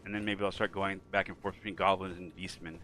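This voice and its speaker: A man's voice: deep voice, flat delivery, quick pace, pushed and bright. A middle-aged man streaming, chatting casually as he plays and joking and teasing as he goes. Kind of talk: casual chat while playing.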